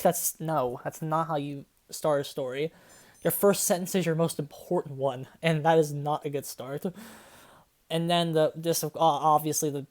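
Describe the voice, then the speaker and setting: A young woman, a graduate student, reads a story aloud and breaks off into exasperated, swearing commentary full of "like" and laughter. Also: low-pitched. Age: young adult. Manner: exasperated, swearing, filler-heavy, frequent laughter. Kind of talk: comedic dramatic reading with commentary.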